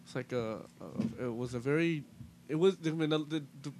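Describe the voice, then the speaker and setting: A young man in casual chat, telling a ghost story in a halting way with many restarts. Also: a little mellow, a little hiss or hum. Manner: halting, full of restarts and fillers, low-key.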